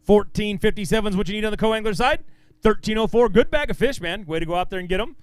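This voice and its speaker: Calling out names and weights live, an upbeat announcer with a smooth, clear, high voice trades fast banter with anglers as they take the stage at a tournament weigh-in. He stays encouraging throughout, and the recording is close and dry with no echo.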